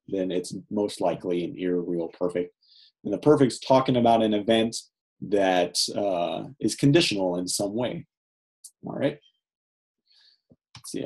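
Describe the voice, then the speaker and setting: A man's voice: on the low side, warm tone, low-quality recording. A middle-aged man teaching Hebrew grammar in a lecture, explaining patiently and checking in with "right?" often.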